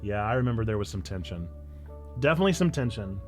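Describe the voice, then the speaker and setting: Animated Illinois man chatting on stream. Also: on the low side, fast, soft background music. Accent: Northern Illinois. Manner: animated, playful, self-mocking. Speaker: pastor and streamer. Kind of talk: casual livestream chat, answering chat.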